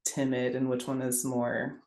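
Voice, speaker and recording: A low-pitched woman in her thirties chats casually about picture books, telling little stories and laughing easily. The room around her is echoey. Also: monotone, measured pace. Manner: chatty, warm storytelling, laughs often. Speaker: guest. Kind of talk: casual podcast chat about children's books.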